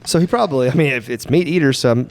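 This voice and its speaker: A man at medium pitch hosting a relaxed podcast conversation. He rambles, thinks out loud and drifts into quick asides as he talks things through. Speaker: podcast host. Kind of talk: casual podcast chat.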